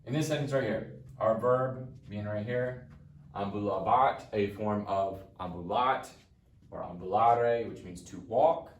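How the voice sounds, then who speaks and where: A man's voice: on the low side, unhurried, recorded from a distance, highs cut off. A man teaching a Latin lesson, walking through translations patiently step by step. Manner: patient, explaining step by step with frequent "okay". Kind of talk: recorded lesson walkthrough. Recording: echoey room, voice off-mic.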